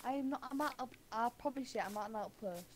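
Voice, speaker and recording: A woman's voice: a little high, quick pace. A young woman chatting casually while gaming, giggling and denying things defensively. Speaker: gaming partner. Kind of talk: casual gameplay chat.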